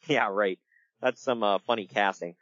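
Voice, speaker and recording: A man hosting a casual podcast, telling stories in an animated way and laughing along. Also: fairly low pitch, dry recording, muffled recording. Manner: animated storytelling with laughs and quick impressions. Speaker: podcast host. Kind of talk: casual wrestling podcast chat.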